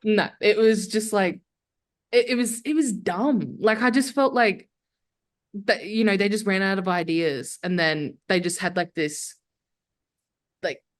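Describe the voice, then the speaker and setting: A woman's voice: medium pitch, a little slow. A young adult woman, a guest filmmaker chatting casually and candidly on a podcast, full of "like" fillers. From Australia.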